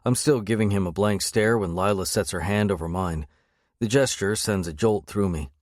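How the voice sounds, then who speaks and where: Man reading a romance audiobook, low voice, wry and sardonic, super dry close mic. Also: normal speed, no room sound. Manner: wry, sardonic inner monologue. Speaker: audiobook narrator. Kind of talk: first-person romance audiobook narration.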